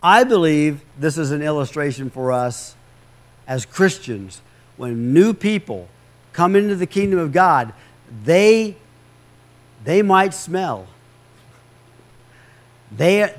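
A man preaching a sermon in a conversational way, with humorous asides, restarts and repeated words. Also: on the high side. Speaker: pastor.

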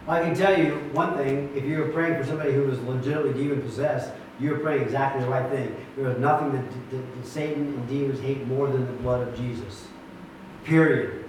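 A man's voice: mid-range voice, a little fast, noisy background. A man pastoring a church, teaching his group in an earnest, emphatic way, with many restarts. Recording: echoey room, mic far off.

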